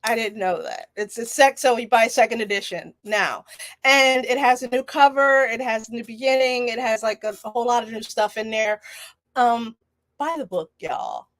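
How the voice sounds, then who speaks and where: A woman author talking in a casual, animated interview, chatty and full of fillers. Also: on the high side, moderate pace, dry recording. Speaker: author guest.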